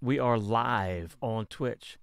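A man's voice: mid-range voice, takes it slowly, smooth, dry recording, clean studio sound. A man hosting a livestreamed podcast, opening the show with upbeat, showman-like announcing. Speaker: podcast host.

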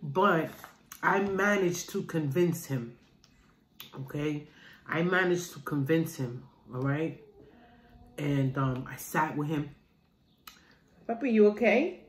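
A woman's voice: sits low, takes it slowly, long pauses. A middle-aged woman chatting casually to her viewers while eating, calling them "guys" as she talks. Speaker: mukbang vlogger. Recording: roomy room with faint noise.

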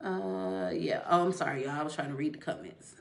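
A woman hosting a casual live-stream chat, relaxed and quick to laugh, chatting as she reads viewer comments. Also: deep voice, creaky. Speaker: host. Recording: echoey room.

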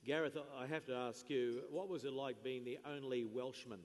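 A man's voice: mid-range voice, normal speed, darkish tone. A man hosting an on-stage interview at an awards lunch, with an upbeat, jokey presenter manner. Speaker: event MC and interviewer. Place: large function hall at a lunch event. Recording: long reverb in a big hall, faint room noise.

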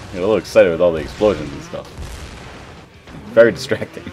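A young man giving live gameplay commentary, excitable, swearing and yelping at crashes. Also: low-pitched, quick pace, pauses often, faint music behind. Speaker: gaming commentator.

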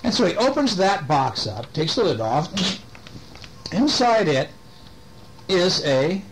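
A man's voice: sits high, very animated, takes it slowly, noisy background. An older man at home reading a picture book aloud to children, with playful questions to the kids. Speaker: storyteller.

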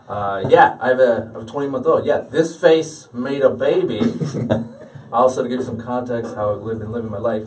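A man's voice: mid-range voice, fairly even intonation, fairly quick, a little mellow. A man in his late thirties working through a stand-up set with punchy, self-mocking delivery. His voice sits in an ordinary middle range and is caught from a distant microphone, so it sounds set back. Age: 30s. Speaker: stand-up comedian. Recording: stage audio from a distant mic.

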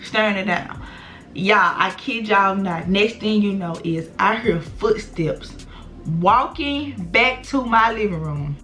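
A young adult woman vlogger telling a storytime straight to her viewers. She talks in an animated, slangy way and swears freely. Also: mid-range voice, slow, faint music behind. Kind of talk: storytime vlog.

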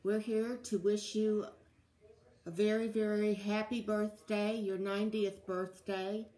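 Slow-speaking woman sending birthday greetings. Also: mid-range voice, level tone, warm tone, rough recording. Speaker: friend giving birthday wishes. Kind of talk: recorded birthday message.

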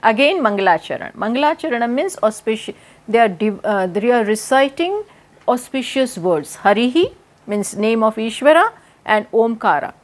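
An Indian woman teaching scripture, speaking slowly and deliberately and answering her own questions as she explains. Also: a little high. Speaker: spiritual teacher. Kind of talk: scripture lecture with chanting. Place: home in Massachusetts.

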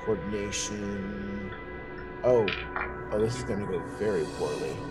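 A man's voice: lowish voice, a little slow, low-quality recording. A man playing a tabletop game, talking hesitantly with many fillers. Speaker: player. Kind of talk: casual tabletop game play. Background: background music.

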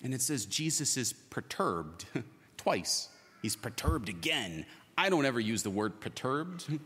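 Slow-preaching priest in a reverberant church. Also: male voice, medium pitch, very animated, husky. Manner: impassioned preaching, rising to shouts at peaks. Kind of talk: sermon. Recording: long reverb of a church hall.

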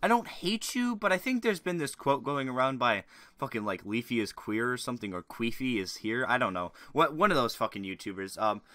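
A man riffs mockingly over a video, his voice bright and forceful with a dry, close sound. He talks in crude, rambling asides like a sarcastic reaction commentator. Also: medium pitch, no room sound. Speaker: YouTube commentator.

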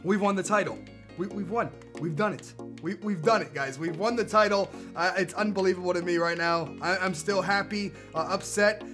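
A young man with a very high, bright voice, commentating his own match as he plays. He talks casually to his viewers and flares into loud yelling at the screen, with faint music in the background. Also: normal speed. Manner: excitable, yells at the game, then rambles casually. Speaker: gaming YouTuber. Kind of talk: live gameplay commentary.

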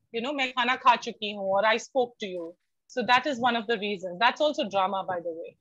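A woman with an Indian English accent giving an online university lecture, lively and expressive, slipping into Hindi for everyday examples. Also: medium pitch, brisk, dry recording. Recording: dry, dull lo-fi online call.

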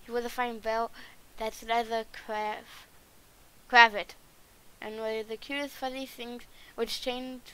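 A woman's voice: a little high, little pitch movement, slow pace, fairly bright tone, smooth, poor audio. A woman reading the lines of a suave swashbuckling male cat in a plain read-aloud way. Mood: boastful.

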